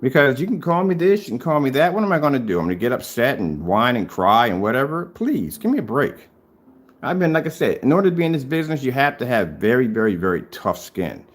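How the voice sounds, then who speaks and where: Very animated and quick-paced, a DIY projector screen paint vlogger in his fifties records a confrontational rebuttal at home while showing his screen, needling a rival again and again to prove his claims. His pitch swings widely, leaping high whenever the challenge comes back, and the mockery never lets up.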